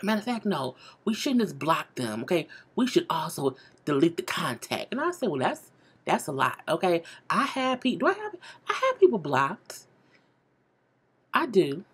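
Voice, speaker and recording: Animated husky woman recapping gossip. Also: fairly low pitch, normal speed. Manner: animated, gossipy, frequent "okay?" asides. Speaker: show recapper. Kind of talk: casual recap chat.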